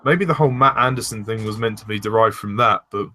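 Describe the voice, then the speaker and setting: A young man chatting casually as a fan reviewer, relaxed and agreeable, steering the conversation. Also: fairly low pitch, fast. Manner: relaxed, agreeable, leads the discussion. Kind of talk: casual chat.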